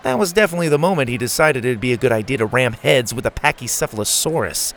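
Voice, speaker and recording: A man voicing a quick-witted young camper boy with a rapid, wry delivery. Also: mid-range voice, expressive, fairly bright tone, slight background noise.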